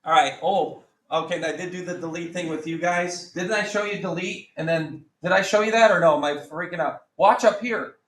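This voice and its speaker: A man's voice: sits high, a little fast, hardly any pauses, fairly bright tone. Chatty male math teacher in an echoey classroom. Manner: chatty, joking, exasperated asides. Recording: echoey classroom with faint background ambience.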